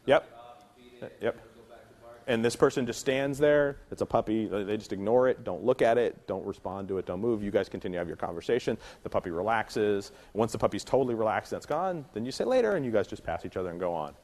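A low-voiced man teaches a puppy training class in a relaxed, talkative way. He chats to his students and slips into quick acted lines to show what people say. His delivery is casual and hands-on. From California. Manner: conversational, acts out little scenes with quick voices. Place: indoor training class room.

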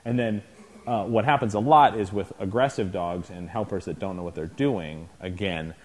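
A man whose voice sits on the low side, with a darkish tone and moderate pace, teaches dog trainers in an informal lecture. Conversational throughout, he often checks in with the class and acts things out.

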